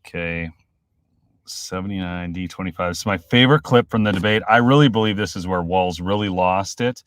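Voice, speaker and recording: A man from Minnesota hosting a live political commentary stream, swinging between loud outbursts and quiet mutters. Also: deep voice, a little fast, no room sound.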